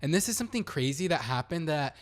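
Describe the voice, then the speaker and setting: Animated young man telling a story. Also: on the high side, quick pace. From San Antonio, Texas. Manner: animated, swearing, acts out quoted voices. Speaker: podcast host. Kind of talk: casual chat, storytelling.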